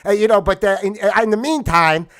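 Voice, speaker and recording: A short-tempered tough-guy businessman, as a man puts him on, pushing his voice up high and loud. He blusters and repeats his warnings, leaning hard on every threat. The tone stays forceful and pressing throughout. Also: brisk. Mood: threatening.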